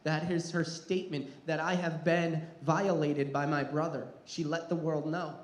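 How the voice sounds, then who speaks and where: Male pastor, fairly high voice, earnest sermon delivery, roomy echo. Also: fairly even intonation, moderate pace, few pauses. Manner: earnest, repeats words when restarting, rises in intensity.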